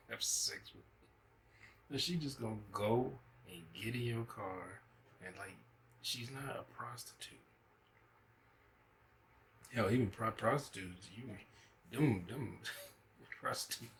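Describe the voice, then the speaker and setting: Man, deep low voice, casual reaction host, cursing and chuckling, faint hiss behind. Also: a bit bright, rough recording. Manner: loose, profane, laughing storyteller.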